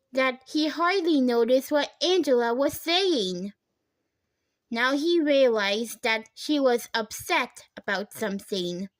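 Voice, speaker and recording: A woman reading a children's chapter book aloud, unhurried and clear. Her voice is high and she takes her time. The sound is close and dry, with no room echo. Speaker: storybook reader. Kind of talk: children's audiobook narration.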